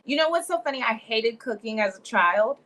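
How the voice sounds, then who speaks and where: A young woman from Louisiana who grew up in Atlanta talks through an interview in a relaxed, chatty way. Her voice sits a little high, and she keeps slipping into quoted asides and easy laughter. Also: a little fast, low-quality recording. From Louisiana, raised in Atlanta. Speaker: actress, interview guest. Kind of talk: casual interview chat.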